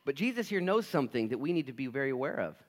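A male pastor preaching a sermon in a church, casual and animated, acting out quoted dialogue with slang like "dude" and "man.". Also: medium pitch, rapid-fire. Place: church sanctuary.

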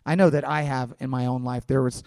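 A man's voice: medium pitch, fairly even intonation, fairly quick, a little mellow, no room sound, studio quality, in a large hall. A pastor preaching an impassioned sermon, often asking his listeners questions.

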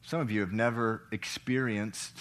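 A middle-aged man preaching a sermon, swinging between loud, emphatic lines and hushed, soft reading, and asking the congregation questions. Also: fairly low pitch, fairly even intonation, moderate pace. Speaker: pastor.

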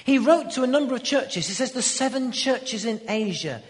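High-voiced male preacher in a reverberant hall. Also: expressive, moderate pace. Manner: emphatic, building to loud declarations. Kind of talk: sermon.

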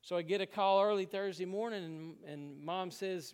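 A man's voice: sits high, normal speed, gravelly, in a large hall. A man preaching a sermon, telling a personal story with emotion and frequent laughs. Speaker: pastor.

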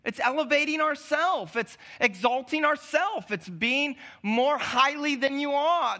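A male preacher giving a sermon in a loose, conversational style, full of restarts and sudden drops to a hushed tone. His voice is very high for a man. It sounds bright and sharp. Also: expressive, a little slow, hardly any pauses.

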